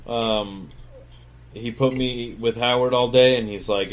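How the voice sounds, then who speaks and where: A man's voice: mid-range voice, fairly even intonation, a little slow. A man hosting his own talk show, telling his life story in a loose, rambling way with lots of fillers and swearing, dropping to a mumble on asides. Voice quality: swears freely, acts out other people's voices in quoted dialogue. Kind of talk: casual storytelling monologue.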